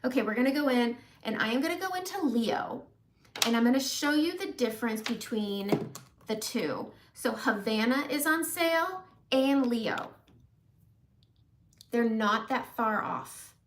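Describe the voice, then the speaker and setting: A woman's voice: a little high, lively intonation, unhurried, a little hiss or hum. A woman hosting a casual live makeup demonstration, chatting with viewers as she applies eyeshadow. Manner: chatty, greets viewers while applying makeup. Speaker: makeup livestream host.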